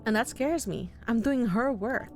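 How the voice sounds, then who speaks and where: A woman's voice: a little high, a little slow, darkish tone, faint music behind. A woman voicing an earnest, worried young man in a visual novel. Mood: upset. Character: earnest, anxious young man in his twenties.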